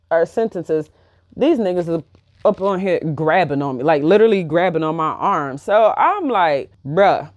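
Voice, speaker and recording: A woman's voice: medium pitch, darkish tone, no echo. Blunt woman retelling a story on a dry mic. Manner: blunt, profane, acts out quoted dialogue. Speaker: vlogger. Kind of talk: casual storytelling vlog.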